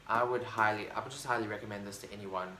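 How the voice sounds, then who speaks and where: A man's voice: fairly low pitch, fairly even intonation, fast. Rambling man in an echoey room. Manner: rambling, enthusiastic, full of fillers and restarts. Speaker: book vlogger. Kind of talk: casual book review chat. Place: room at home with a bookshelf. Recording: roomy echo, faint background noise.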